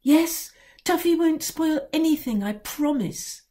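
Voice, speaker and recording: Lady doing a teary little girl begging, high voice, slow and soft-toned. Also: lively intonation, natural voice. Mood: pleading. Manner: high, pleading and tearful. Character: upset pleading young girl.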